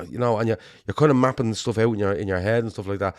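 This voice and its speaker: Man, Liverpool accent, middle-aged, lowish voice, dry close sound, animated, swears a lot. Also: fast, dry recording. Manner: animated, sweary, rambling with restarts. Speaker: podcast co-host. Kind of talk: casual football chat.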